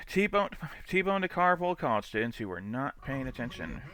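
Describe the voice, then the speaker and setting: A man's voice: mid-range voice, very animated, moderate pace, sharp tone. A man doing casual live-stream commentary on dash cam clips, chatty and swearing freely. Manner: chatty, laughs often, swears freely, mimics angry drivers.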